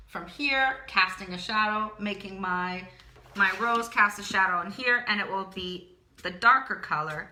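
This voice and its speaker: An art teacher gives a drawing tutorial, chatting and encouraging as she works and repeating words to herself while she draws. Her medium-pitched voice is pushed and bright, recorded in an echoey room with slight background noise.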